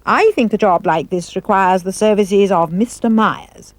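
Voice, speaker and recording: A woman's voice: medium pitch, unhurried, no echo, lightly acted. A woman voicing a blunt, practical mother in a story reading. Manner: blunt and matter-of-fact.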